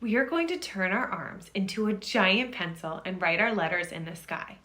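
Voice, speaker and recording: A woman's voice: mid-range voice, expressive, normal speed, pushed and bright, echoey room. A woman teacher leading young children through arm stretches and jumping jacks, coaxing and counting along in an upbeat way. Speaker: reading teacher. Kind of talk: leading a movement warm-up for children.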